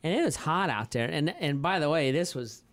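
A man's voice: fairly high pitch, lively intonation, brisk, a bit bright, dry recording. A man in his forties, a pastor, talking casually on a podcast, rambling through stories with many fillers and restarts and laughing easily.

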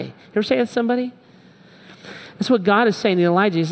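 A man's voice: high voice, fast talker, gravelly, pauses often. A middle-aged man preaching a sermon as pastor, telling stories with animation and acting out the voices of the people he quotes. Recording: long reverb of a large hall.

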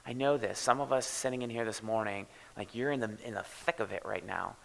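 A man pastor preaching a sermon in church, talking in a loose, conversational way that drops to hushed, soft stretches. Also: on the low side, fairly quick, gravelly, poor audio.

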